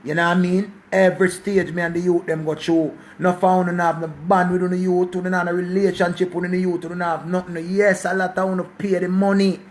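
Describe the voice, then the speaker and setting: A man's voice: sits high, level tone, brisk, few pauses. A Jamaican man in his forties giving a preachy life talk in a mix of patois and English, repeating himself and swearing. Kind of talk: passionate casual monologue.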